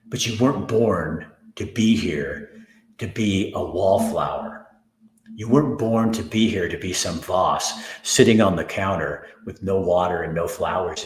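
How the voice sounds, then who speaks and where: A middle-aged man hosting an earnest personal monologue, swinging from anger to hushed softness. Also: low voice, echoey room. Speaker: host.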